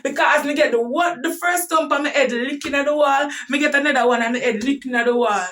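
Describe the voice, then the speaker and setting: A woman with a Jamaican accent telling a personal story in casual talk, animated and breaking into shouts at tense moments. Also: high voice, brisk, far from the mic.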